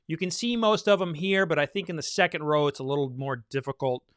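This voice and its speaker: Casual rambling man with a smooth voice. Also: on the high side, animated, fast, a bit bright, no echo, studio quality. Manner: rambling, loose, thinking aloud with many fillers. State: a little winded from talking. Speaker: bourbon reviewer hosting a blind tasting. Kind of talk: casual live tasting chat.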